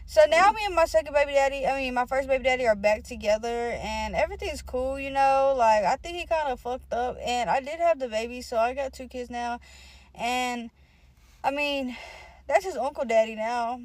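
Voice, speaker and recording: A woman's voice: high-pitched, normal speed, dry recording. A young woman telling a personal story to her channel in a casual, profane, slangy way, rambling with lots of filler words.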